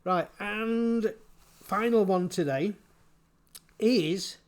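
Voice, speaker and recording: A man giving casual spoken commentary, halting and repeating his words, chuckling often. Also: high voice. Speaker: vlogger.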